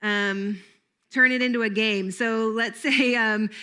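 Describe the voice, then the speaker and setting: A woman's voice: on the high side, fairly even intonation, slow pace, bright, forceful tone, clear, resonant tone. A woman giving a recorded training talk in an upbeat, playful teaching manner.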